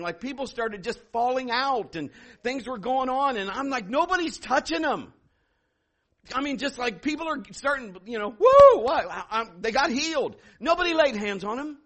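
A male pastor preaching a sermon, telling a story in an animated way and acting out what people said. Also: very high voice. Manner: animated, laughing, acting out quotes.

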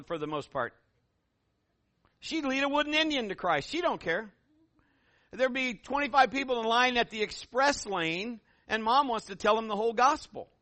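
A middle-aged male pastor tells homespun stories in his sermon. His voice sits high and lively. The sound is close and dry, with little room. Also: no room sound. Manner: animated, folksy storytelling.

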